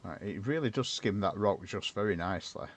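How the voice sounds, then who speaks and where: A man talks through his game build in a loose, rambling way. His voice sits a little low, and he keeps breaking off to answer viewers. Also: lively intonation, a little fast, a little hiss or hum. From northern England. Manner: chatty, rambling, talks to chat while building. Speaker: streamer. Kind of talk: casual gameplay commentary.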